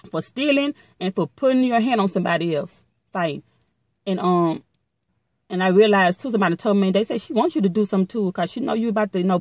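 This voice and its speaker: Middle-aged woman, blunt and foul-mouthed, animated storyteller, dry close sound. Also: mid-range voice, dry recording. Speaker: vlogger. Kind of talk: casual storytelling to viewers.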